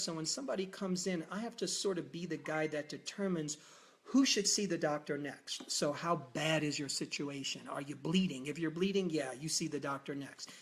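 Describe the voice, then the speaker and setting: Man telling a story in a live talk. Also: fairly high pitch. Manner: animated, acts out quoted dialogue. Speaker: host.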